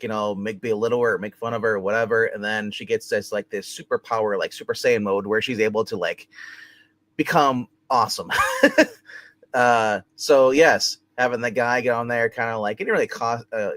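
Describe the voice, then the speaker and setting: A man's voice: medium pitch, fairly bright tone, dry recording. Rambling man recapping a TV episode. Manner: rambling recap, heavy with fillers like "you know" and "like". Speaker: co-host of a TV review show.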